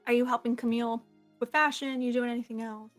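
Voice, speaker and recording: A woman running a tabletop game as game master, enthusiastic and quick to laugh. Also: a little high, fairly even intonation, faint music behind.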